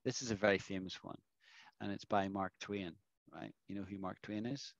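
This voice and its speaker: A man's voice: on the low side, fairly even intonation, normal speed, vocal fry, no echo. A man teaching English in a classroom, explaining patiently and often checking understanding with the students. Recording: dull lo-fi dry recording.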